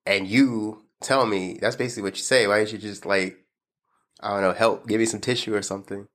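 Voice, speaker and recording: A man's voice: lowish voice, steady tone, a little fast, fairly bright tone. A man talking casually with his partner, full of fillers and frequent laughter. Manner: laughs often, lots of "like" fillers. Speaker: husband co-host. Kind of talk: casual couple chat.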